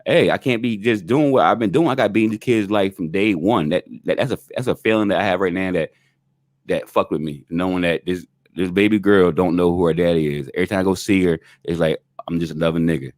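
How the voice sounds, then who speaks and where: A man's voice: low-pitched, fast talker, no echo, studio quality. A man co-hosting a casual talk show, speaking frankly with swearing and frequent "you know what I mean" asides. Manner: frank, profane, repeats himself in emphatic asides. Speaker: co-host. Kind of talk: casual chat.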